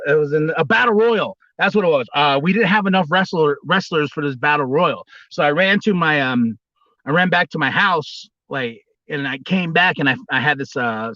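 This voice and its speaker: Rambling wrestler man on a bright voice. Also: dry recording, highs cut off. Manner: rambling, restarts, bursts into high squealing impressions. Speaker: livestream host, former wrestler. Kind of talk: casual storytelling livestream.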